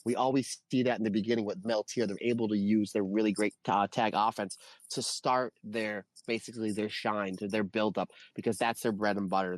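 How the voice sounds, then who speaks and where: A man co-hosting a podcast, talking through wrestling matches in a rambling, animated way. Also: lowish voice, no echo. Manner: rambling, animated, lists names. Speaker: podcast co-host. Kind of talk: casual wrestling review chat.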